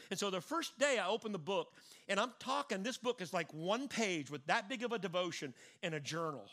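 A middle-aged man preaching a sermon in an animated way, stressing and repeating his points. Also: fairly high pitch, a little fast.

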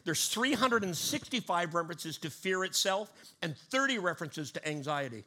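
A man's voice: sits high, sing-song, moderate pace, pushed and bright. A man preaching a sermon to his congregation, building emphatic rising cadences and teaching word meanings. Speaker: pastor.

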